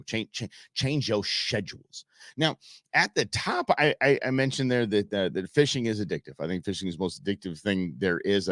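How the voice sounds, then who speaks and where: Deep-voiced man hosting a rambling talk show. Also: no room sound, studio quality. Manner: rambling, animated, chatty with fillers and restarts. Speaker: radio show host. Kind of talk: casual radio talk.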